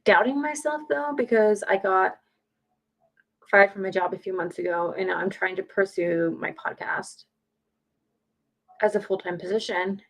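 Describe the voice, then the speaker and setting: A woman's voice: medium pitch, normal speed, vocal fry, pauses often, low-quality recording. A woman chatting casually on a live stream, blunt and opinionated, swearing freely. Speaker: streamer, podcaster. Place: home.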